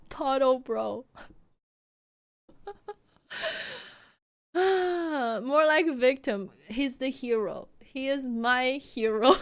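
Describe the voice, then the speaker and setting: High-voiced woman. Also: very slow, long pauses. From China. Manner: animated, laughing often. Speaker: streamer. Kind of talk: casual storytelling.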